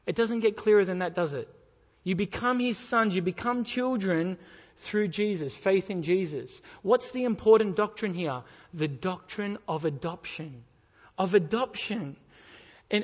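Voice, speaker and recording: High-voiced man preaching in a reverberant hall. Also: lively intonation, moderate pace. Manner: emphatic, repeats key phrases, asks the audience questions. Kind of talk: sermon. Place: church hall. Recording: dull sound with long hall reverb.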